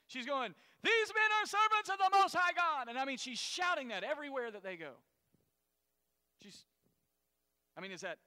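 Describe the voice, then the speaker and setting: A pastor delivers a sermon in a high, bright, cutting yet smooth voice, speaking casually and suddenly bursting out loudly as he acts out the characters in the story. The long reverb of a large hall rings around him.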